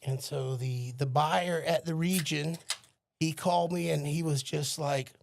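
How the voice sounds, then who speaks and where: A man's voice: a little high, fairly even intonation, measured pace, creaky. A man with a Southern US accent, a podcast guest, telling polite anecdotes in casual conversation. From American South.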